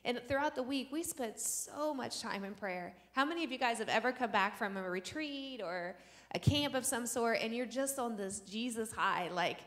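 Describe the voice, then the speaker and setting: A woman's voice: fairly high pitch, expressive, moderate pace, fairly bright tone. Earnest woman telling her church testimony. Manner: earnest storytelling, acting out quoted dialogue. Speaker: missionary sharing a testimony. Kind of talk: personal testimony to a church audience. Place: church sanctuary. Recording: long reverb of a church hall.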